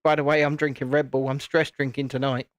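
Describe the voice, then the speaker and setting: While assembling a toy set on his live stream, this British host keeps up a casual, playful chat with viewers, frequently breaking off and starting sentences over. His mid-range voice is flat and a little fast, captured as clean studio sound without echo.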